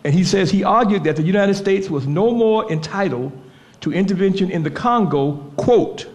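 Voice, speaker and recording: A man on a public panel, talking in a measured way and reading quotations aloud. His voice sits a bit high for a man, and he draws out the words he wants to stress. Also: expressive, darkish tone. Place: event hall in a memorial center.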